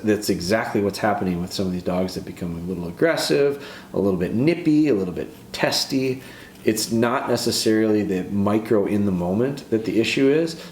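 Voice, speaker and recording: A man with a lowish voice talks through dog training like a casual podcast host, earnest and given to restarting his sentences. He sounds like he is in an echoey room, with a faint hiss of noise behind him. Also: darkish tone. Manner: earnest, repeats and restarts phrases.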